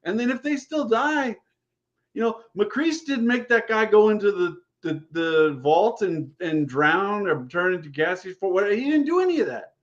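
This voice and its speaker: A man's voice: high voice, expressive, moderate pace. A man on a video call panel, talking bluntly and emphatically about running games, often repeating himself. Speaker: game master panelist. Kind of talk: casual panel discussion. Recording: dull lo-fi sound.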